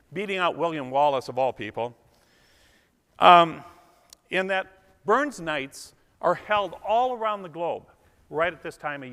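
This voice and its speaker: A man's voice: a little high, pushed and bright, long reverb tail. A man emceeing a club dinner, telling folksy, self-deprecating jokes and trivia to a live audience. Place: event hall with a live audience.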